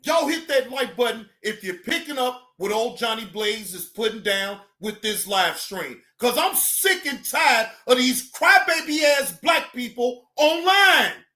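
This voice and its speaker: A man hosting a live stream, ranting loudly and profanely at his audience, often shouting. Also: very high-pitched, unhurried, hardly any pauses. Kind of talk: heated ranting commentary.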